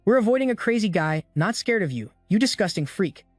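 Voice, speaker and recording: A man voicing a smug, cruel male cult zealot who shouts and curses. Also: high-pitched, sing-song, brisk, no echo, studio quality, faint music behind, pitched above the performer's own voice. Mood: cursing. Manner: shouting, cursing.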